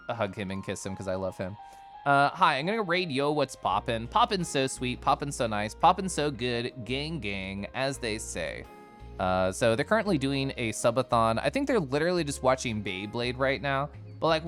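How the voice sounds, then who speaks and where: A male streamer chatting with his viewers in a teasing, giggly way. His pitch swoops up and down constantly. Soft music plays faintly behind him. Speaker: livestreamer. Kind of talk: casual chat with stream viewers.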